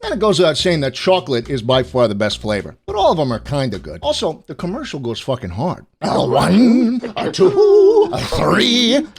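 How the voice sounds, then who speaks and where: A man hosting comedic candy-ranking commentary from his home setup, crude and sarcastic, swearing freely with mock-outraged deadpan jokes. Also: mid-range voice, fast, hardly any pauses, slightly rough, soft background music. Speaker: host.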